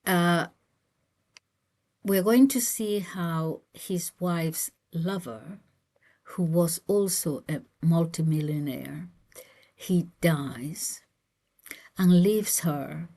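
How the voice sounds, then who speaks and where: A woman's voice: sits low, extremely slow, long pauses, dark tone. A woman reading a novel aloud and adding chatty asides, with fillers and restarts between passages. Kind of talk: reading aloud with casual commentary.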